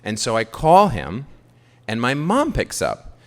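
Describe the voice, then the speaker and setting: Man in his thirties, from queens, lively pitch, self-deprecating storyteller, long hall reverb. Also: measured pace. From Queens, New York. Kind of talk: live storytelling. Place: theater stage.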